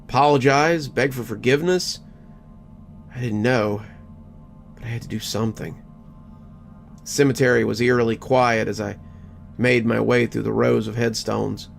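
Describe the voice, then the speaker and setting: A man with a gravelly, creaky voice at a middle pitch reads a first-person horror tale in measured, scripted tones. Soft music runs faintly beneath him. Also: fairly even intonation. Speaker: horror story narrator.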